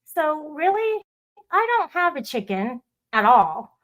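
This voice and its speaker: A woman's voice: high-pitched, sing-song, takes it slowly, fairly bright tone. Rambling, profane woman streamer. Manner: rambling, profane, talks back to chat. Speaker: livestream host. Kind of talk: casual livestream chat with viewers.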